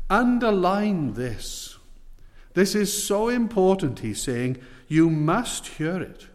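A man preaching a sermon, earnest and pleading, with slow emphatic stresses. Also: sits high, sing-song. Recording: long hall reverb.

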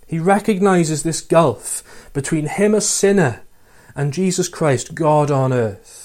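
A man's voice: fairly high pitch, unhurried, a little mellow. A man preaching a sermon, earnestly asking his listeners questions and reading scripture aloud.

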